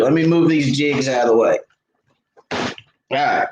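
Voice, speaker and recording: A man's voice: medium pitch, measured pace. A middle-aged man hosting a fishing live stream Q&A, chatting casually with lots of "uh" fillers. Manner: laid-back, chatty, frequent "uh" fillers. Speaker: fishing channel host. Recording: echoey room, faint background noise.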